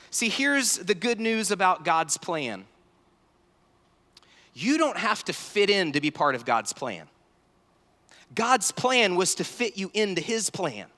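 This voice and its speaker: A man in his thirties giving an animated, story-filled talk at a youth conference, acting out dialogue. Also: high voice. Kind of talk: sermon-style talk with stories. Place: large conference hall. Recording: large hall reverb.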